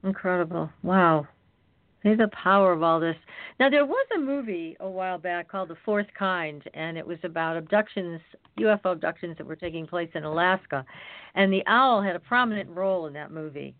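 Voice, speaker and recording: A woman hosts an interview and reacts to her guest with quick, enthusiastic remarks. Her voice is tinny like a phone line and dry with no room sound. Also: fairly low pitch, dry recording. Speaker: host. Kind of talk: interview chat.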